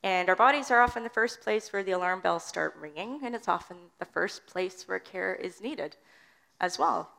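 A woman's voice: mid-range voice, moderate pace, creaky, pushed and bright. A woman preaching a sermon in an earnest teaching manner, reading scripture aloud.

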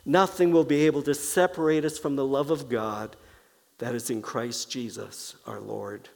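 A man preaching a sermon as pastor, speaking slowly and deliberately and softly repeating key phrases. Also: mid-range voice, fairly even intonation, creaky. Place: church sanctuary. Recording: long reverb of a church hall.

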